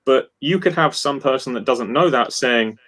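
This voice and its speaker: Male guest musician, mid pitch, animated technical chat over a video call. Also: moderate pace. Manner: animated, rambling explanations with many restarts. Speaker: guest guitarist.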